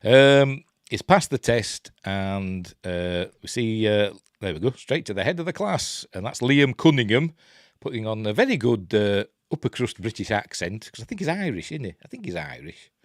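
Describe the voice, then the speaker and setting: Yorkshire male host, casual webcam chat, low voice, dry sound, lots of pitch movement. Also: very animated, moderate pace, no echo. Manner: rambling, chatty, self-interrupting. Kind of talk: casual live film commentary.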